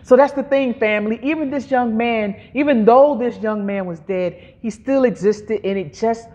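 A woman's voice: on the high side, dark tone, lo-fi sound. A woman preacher delivering an emphatic sermon, drawing out her phrases, gasping for effect and calling on the congregation to repeat after her. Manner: emphatic, drawn-out phrasing with audible gasps.

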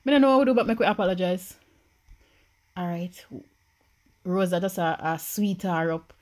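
A young woman with a Jamaican accent giving excitable, anxious commentary as she plays a life-sim game. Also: fairly low pitch, moderate pace. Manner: animated, swings from anxious murmurs to shrieks. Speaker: gaming YouTuber.

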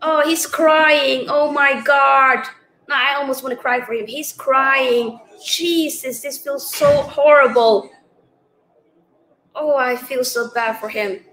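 A woman's voice: sits high, steady tone, slow, sharp tone, reverberant, rough recording. A woman hosting a live watch-along of a match, emotional and thinking aloud as she talks straight to her viewers. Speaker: host.

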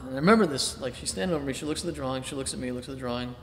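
A middle-aged man from Boston, an artist being interviewed, telling animated anecdotes and acting out his own past thoughts, with plenty of fillers. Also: mid-range voice, very fast, slight background noise. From Boston, Massachusetts, USA. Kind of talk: casual storytelling interview. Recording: roomy echo with long reverb, faint ambience.

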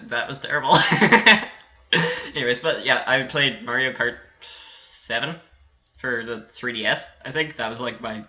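A man's voice: medium pitch, measured pace, bright, forceful tone, lo-fi sound. A man giving casual commentary while playing a game, rambling with many fillers and giggling and squealing with delight. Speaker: gaming channel host.

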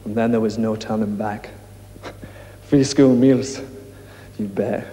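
A man's voice: on the low side, steady tone, slow pace, mellow, echoey room, in a large hall. An actor playing a male sinner confessing in a manic, comic babble in a sketch comedy.

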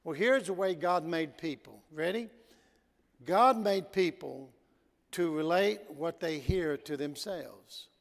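A man preaching a sermon in a church, telling stories and swinging between loud emphasis and quiet asides. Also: fairly high pitch, slow, gravelly. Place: church sanctuary. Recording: long church hall reverb.

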